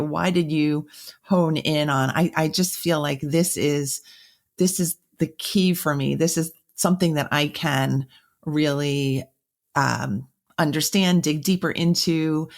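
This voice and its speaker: A woman hosting a podcast, asking curious questions with some hesitation. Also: low-pitched. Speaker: podcast host. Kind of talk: podcast interview.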